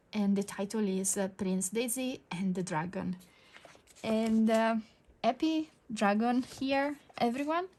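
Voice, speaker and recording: A digital art tutor with an Italian accent talks through a drawing tutorial in a medium-pitched voice. She is soft-spoken and hesitant, using many fillers, and sometimes drops to a near whisper as she works.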